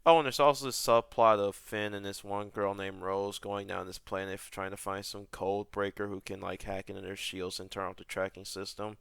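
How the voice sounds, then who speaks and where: A man's voice: fairly low pitch, steady tone, normal speed, gravelly, few pauses, fairly bright tone, smooth, no echo. A young man delivering an exasperated rant to camera, full of rhetorical questions and repeated words. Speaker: YouTuber. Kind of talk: ranting commentary.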